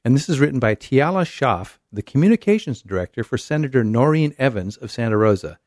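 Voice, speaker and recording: A man's voice: medium pitch, very animated, fairly quick, darkish tone, dry recording, clean studio sound. Wry man reading the news. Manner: wry, reads quotes then comments sarcastically. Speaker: podcast host. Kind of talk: casual talk, reading news aloud.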